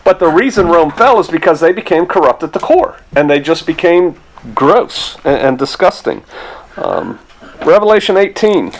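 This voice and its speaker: A middle-aged pastor delivers a sermon in a loose, conversational manner, full of rhetorical asides and restarts. His voice sits a little high for a man. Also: very animated, moderate pace, a little hiss or hum, low-quality recording.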